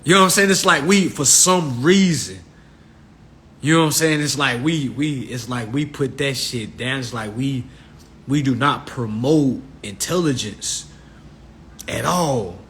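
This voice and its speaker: A man hosting a livestream, ranting comically to his viewers in a profane, animated way and calling them y'all. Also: medium pitch, a little slow, slight background noise. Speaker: livestream host. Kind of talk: casual comedic rant.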